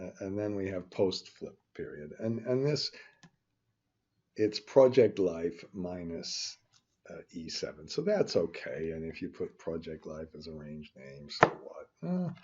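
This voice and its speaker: A man's voice: low-pitched, darkish tone, husky. An older man teaching a spreadsheet finance lesson, rambling with grumbling asides and frequent restarts. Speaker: finance instructor. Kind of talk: screen-recorded spreadsheet tutorial. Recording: dull lo-fi recording.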